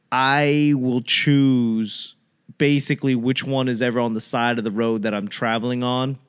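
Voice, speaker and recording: A man's voice: mid-range voice, fairly even intonation, unhurried, smooth. A man talking in a casual comedic rant, rambling and profane, slipping into quoted voices.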